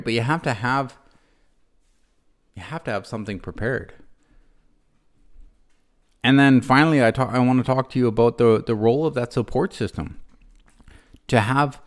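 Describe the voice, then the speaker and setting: A man hosting a motivational podcast, talking earnestly and warmly straight to the listener, with frequent tag questions and restarts. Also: medium pitch. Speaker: podcast host, former prison guard.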